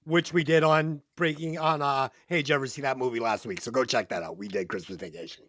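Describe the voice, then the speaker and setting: A man's voice: mid-range voice, quick pace, a bit bright, no echo, studio quality. A man hosting a podcast, joking crudely and laughing often. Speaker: podcast host. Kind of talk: casual podcast banter.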